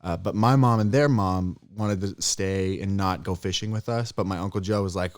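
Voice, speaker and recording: A young man with a fairly low, dry-recorded voice tells a spooky story to his co-host. He jumps up in pitch and volume whenever he plays out a scare. It is relaxed podcast chat. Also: moderate pace, few pauses, no room sound. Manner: animated storyteller who jumps high and loud when acting out scared voices.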